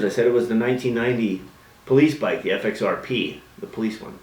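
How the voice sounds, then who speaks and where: A man telling a lively story about his early days building custom bikes, acting out voices and engine noises in casual chat. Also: medium pitch, a little fast, echoey room, far from the mic, rough recording.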